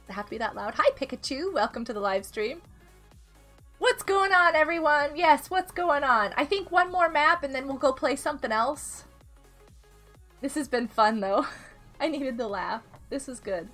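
A woman streamer chats her way through a game, giggling often and calling out viewers by name. Her voice sits high and bright. Faint music plays under her. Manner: chatty, giggly, greets chat by name. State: unwell. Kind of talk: live game stream chat.

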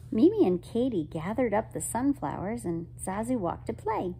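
A woman reading a children's picture book aloud, expressive and gentle, asking her listeners questions. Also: a little high, normal speed, few pauses, slight background noise, poor audio. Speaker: storyteller.

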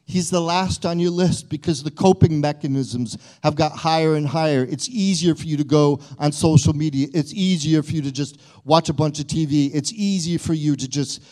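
A man's voice: a little high, normal speed, few pauses, a little mellow. A male pastor preaching a sermon in a conversational way, often repeating and restarting his phrases.

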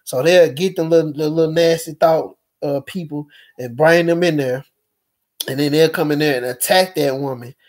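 Halting, rambling man with a higher voice. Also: a little mellow. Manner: halting, many fillers and restarts, conversational. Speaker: speaker recounting experiences. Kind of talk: rambling personal monologue.

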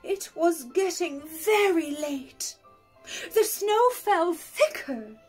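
A woman reading a picture book aloud to young children in a gentle, expressive way. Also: very high-pitched, extremely slow, soft background music. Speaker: storyteller for pre-school children.

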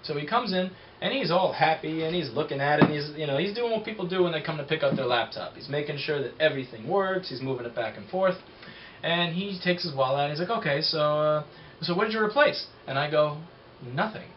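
A sarcastic, blunt man rants through a story, his fairly high voice jumping up and down as he goes. He swears freely. The recording is a little muffled, with a faint hiss underneath. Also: lively intonation, fast. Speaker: repair shop owner. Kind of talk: casual storytelling rant.

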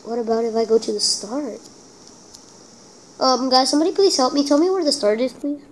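A woman giving casual gameplay commentary, excitable and self-deprecating, talking straight to her viewers. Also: high-pitched, a little fast, a little hiss or hum, rough recording. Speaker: gameplay channel host.

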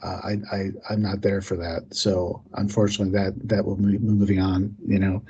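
Husky man rambling in an interview. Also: low-pitched, flat delivery, moderate pace, warm tone, dull audio. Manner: rambling, hesitant, many fillers and restarts. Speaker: filmmaker guest. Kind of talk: casual interview chat.

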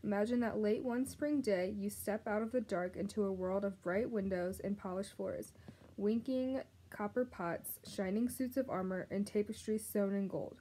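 A woman narrating a children's novel aloud, gently addressing the reader. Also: mid-range voice, normal speed, husky. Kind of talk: storybook read-aloud narration.

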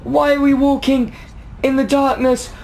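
A man's voice: very high-pitched, little pitch movement, a little slow, creaky, darkish tone, slight background noise. A young man commenting on a horror video game, jumpy, yelping and talking back at the characters. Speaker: gaming YouTuber.

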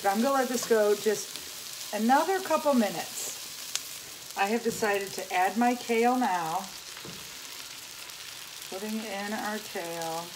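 A woman at the stove in her home kitchen, talking her viewers through a recipe one step at a time. Her voice sits at an everyday middle pitch, and loud frying and sizzling from the pan run underneath it. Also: slow, pauses often, background noise. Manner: chatty, talks viewers through each step. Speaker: home cooking channel host. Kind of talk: casual cooking demonstration.

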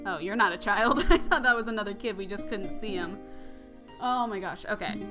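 A young woman hosting a let's play, reacting to the story in an expressive, gushing way. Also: mid-range voice, a little fast. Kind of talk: emotional gameplay commentary. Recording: music playing underneath.

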